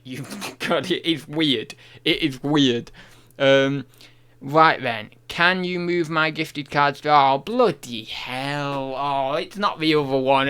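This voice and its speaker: A man's voice: on the high side, fairly bright tone, clean tone. A young man live streaming, reading chat aloud, joking about himself and humming to himself as he goes. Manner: chatty, self-mocking, reads chat aloud and hums to himself.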